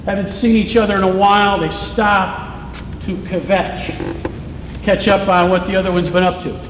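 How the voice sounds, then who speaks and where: A man telling a long stand-up joke on stage in an animated storytelling manner. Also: high voice, normal speed. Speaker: stand-up comedian. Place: theater stage. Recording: echoey hall with faint noise.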